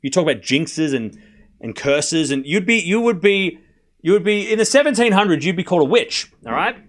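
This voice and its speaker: A man's voice: sits high, animated, fairly quick. A man livestreaming casual tennis play-by-play, calling scores and bantering animatedly with his chat.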